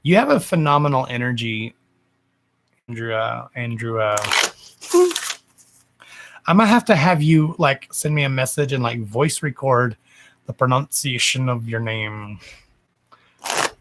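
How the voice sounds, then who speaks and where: A man's voice: medium pitch, a little slow, long pauses. A man hosting a live card-reading stream, joking and chatting casually with viewers, swearing lightly and calling them darling and love. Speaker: psychic medium doing live card readings. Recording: steady background noise and card shuffling.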